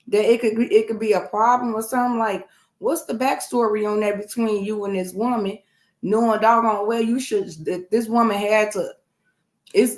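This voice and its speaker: A woman's voice: on the high side, reverberant. A woman, chatting casually and working through her thoughts in a rambling way. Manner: reflective, rambling reasoning. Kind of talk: casual chat.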